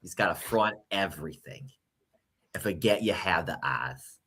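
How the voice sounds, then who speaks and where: A man chats playfully, with jokes and quick rises and falls in his voice. His voice sits fairly low. He trades banter easily. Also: breathy edge. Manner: playful, jokey, lively pitch swings. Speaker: podcast co-host. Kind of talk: casual chat about language building.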